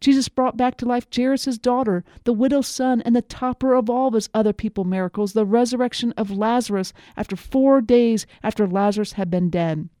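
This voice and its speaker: A woman preaching a devotional sermon, earnest and emphatic, slowing down on key phrases. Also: a little high, mellow, no room sound, clean studio sound.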